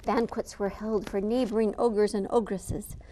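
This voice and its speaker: A woman reading a picture book aloud to listeners with an expressive, animated delivery. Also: mid-range voice, moderate pace. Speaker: storyteller.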